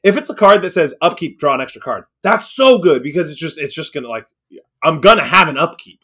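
A man's voice: a little high, animated, a little fast, pushed and bright, slightly rough. A young man co-hosting a casual card game chat, rambling and opinionated. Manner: rambling, opinionated, frequent restarts and laughs. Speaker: card game podcast co-host.

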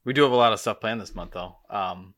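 A man's voice: on the low side, quick pace, a bit bright, a little hiss or hum. A man co-hosting a podcast in casual chat, laid-back as he goes through the schedule. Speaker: podcast co-host.

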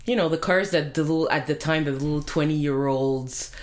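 A woman with a French Canadian accent, telling a family road-trip memory in casual chat, halting with many fillers and restarts. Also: low-pitched, a little mellow. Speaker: storyteller. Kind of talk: casual conversational storytelling.

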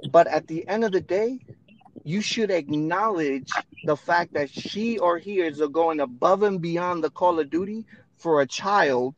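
A man's voice: a little high, a little slow, dull audio. A man co-hosting a podcast, telling personal stories in a blunt, emphatic way with casual swearing. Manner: blunt, emphatic storytelling with profanity. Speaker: podcast co-host. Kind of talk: casual chat.

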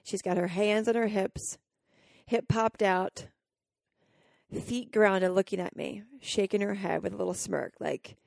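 A woman's voice: medium pitch, steady tone, unhurried, creaky, a little mellow, dry recording. Candid woman with a dry, close sound. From Colorado, US. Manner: candid and emotional, with many fillers and restarts. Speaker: podcast host. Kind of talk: personal storytelling.

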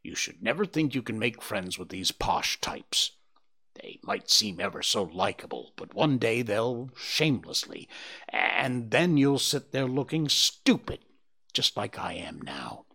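A man voicing a vain, touchy old male owl who grumbles and fishes for flattery, in a storybook reading. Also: on the low side, unhurried, vocal fry, breathy edge, exaggerated voice. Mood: vain grumbling. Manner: fussy, grumbling, fishing for flattery.

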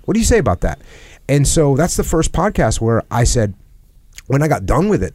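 A man's voice: mid-range voice, a little mellow, dry recording. A man hosting a podcast, talking earnestly in a reflective conversation and repeating phrases for emphasis. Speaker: podcast host. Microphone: headset.

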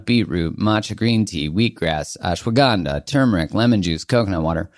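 A man's voice: on the low side, darkish tone, no room sound, studio quality. A man hosting his podcast, reading a listener review and an ad in a playful, jokey way. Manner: playful, jokey, self-deprecating. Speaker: podcast host. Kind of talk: casual podcast intro and ad read.

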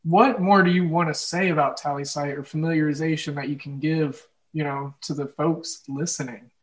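A low-quality recording captures this podcast host, a young man with an Oklahoma Midwestern accent. He speaks at a moderate pace in a fairly high, steady voice, chatting casually, rambling, filling gaps with fillers, and laughing a lot.

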